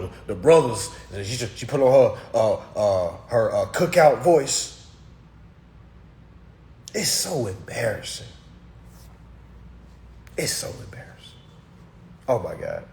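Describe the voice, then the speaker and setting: A man's voice: medium pitch, a little mellow. A man giving a casual political rant, speaking emphatically and straight to his listeners. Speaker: commentator.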